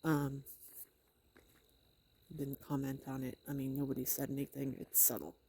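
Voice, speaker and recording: A middle-aged woman with a hoarse, sore throat, talking in a hesitant, rambling video diary with wry, matter-of-fact asides. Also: extremely low pitch, little pitch movement, moderate pace, mellow, slight background noise. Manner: hesitant, rambling, many fillers. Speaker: vlogger. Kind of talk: casual personal video diary.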